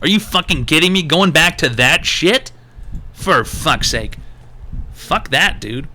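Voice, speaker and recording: A man hosting a live-streamed advice show, ranting in a loose, profane and animated way. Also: a little high, slow pace, slight background noise. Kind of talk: live-stream call-in talk.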